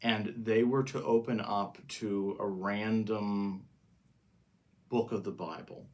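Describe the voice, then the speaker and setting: A man co-hosting a podcast as a pastor, talking in a casual, earnest way and slowing down to stress his points. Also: lowish voice, steady tone, darkish tone. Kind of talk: casual chat.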